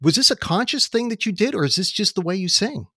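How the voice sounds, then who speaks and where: A man's voice: sits high, sing-song, fast talker, bright, forceful tone, breathy edge, no room sound, clean studio sound. A man hosting an interview podcast, asking questions in a chatty, conversational way. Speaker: podcast host.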